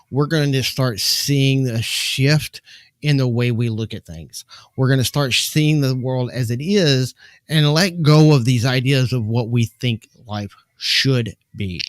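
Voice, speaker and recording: A man talks in a calm, earnest way about finding inner peace, keeping a steady, measured flow as he hosts a live stream from home. His voice sits in a middle register. It comes across dry and close, with almost no room sound. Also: medium pitch, no room sound. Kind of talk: reflective spiritual talk. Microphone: desk microphone.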